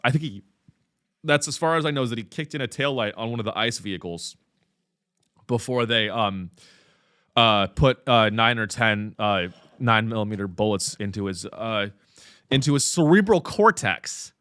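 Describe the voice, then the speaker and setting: A man's voice: fairly low pitch, lively intonation, moderate pace, pushed and bright, clean tone, dry recording, studio quality. A man hosting a comedy podcast, ranting sarcastically and profanely, with frequent fillers and restarts. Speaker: podcast host.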